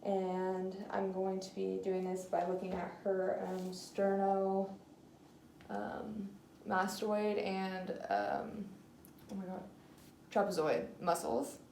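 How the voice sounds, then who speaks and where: A woman's voice: mid-range voice, level tone, slow, vocal fry, dark tone. A woman talking through a clinical nerve exam in a hesitant way, with many fillers, in an echoey room. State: slightly out of breath. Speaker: student doing a clinical neuro exam. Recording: echoey room, faint noise.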